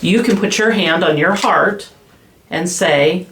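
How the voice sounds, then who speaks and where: A woman specialist in children's behavior explaining calming strategies in a podcast interview, slowing down gently when she models soothing phrases. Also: fairly low pitch. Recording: echoey room with faint ambience.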